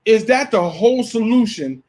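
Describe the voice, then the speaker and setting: A man's voice: high voice, animated, moderate pace, a little mellow. A man hosting a talk show, arguing his point and pressing the others with pointed questions. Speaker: radio show host. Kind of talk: heated casual debate.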